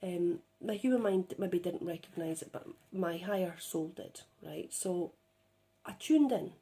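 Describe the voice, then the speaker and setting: A woman's voice: fairly low pitch, lively intonation, a little slow, dark tone. A woman telling a spiritual experience in a casual, chatty way, often checking in with "right?", recorded on a phone. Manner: chatty, with frequent "right?" tag questions. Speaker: spiritual channeler.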